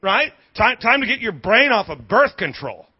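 A male preacher with a high, somewhat husky voice delivers a sermon in an emphatic call-and-response style and hammers his phrases through repetition. The recording sounds dull and lo-fi. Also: sing-song, normal speed. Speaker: pastor.

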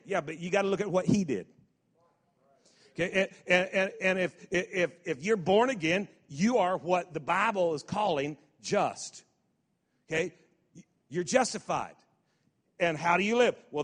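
A man with a high voice preaches a sermon at a service, repeating and restarting words before punching out emphatic lines. His voice rings with the long reverb of a church hall. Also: expressive, measured pace. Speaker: pastor.

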